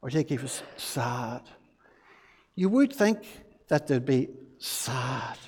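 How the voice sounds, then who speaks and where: A male pastor with a slightly high, darkish voice gives a children's talk in church, recorded with the long reverb of a large hall. He's playful and coaxing, asking the children lots of questions.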